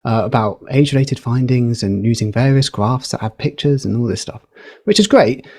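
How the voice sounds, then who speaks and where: Man, mid-pitched, podcast guest, emphatic teacherly explainer. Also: normal speed. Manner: lively, emphatic, teacherly, with fillers. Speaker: podcast guest, communication educator. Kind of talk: explaining, casual podcast chat.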